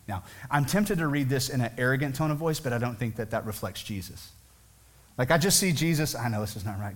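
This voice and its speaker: A man's voice: medium pitch, brisk. A man preaching a sermon as pastor, talking conversationally and asking many rhetorical questions.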